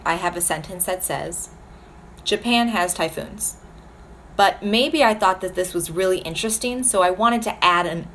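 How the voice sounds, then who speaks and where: Clear-speaking woman teacher. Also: medium pitch, fairly bright tone, a little hiss or hum. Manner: slow, clear teacherly explaining with example sentences. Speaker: speech and language teacher. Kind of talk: online lesson for students.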